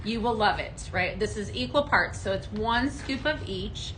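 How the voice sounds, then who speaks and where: Bright, chatty woman hosting a live sales show. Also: medium pitch, normal speed, a little hiss or hum, poor audio. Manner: chatty and upbeat, selling, reading viewer comments aloud. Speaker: host of a live home fragrance sales show. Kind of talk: live on-air product demo chat. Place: studio set under hot lights.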